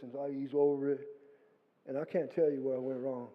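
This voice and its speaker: A middle-aged man giving a guest testimony in a church hall, telling his story in a lively way and acting out what he said. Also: medium pitch, fast talker. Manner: animated storytelling, acting out his own quotes. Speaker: guest speaker. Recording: phone-like lo-fi sound with long hall reverb.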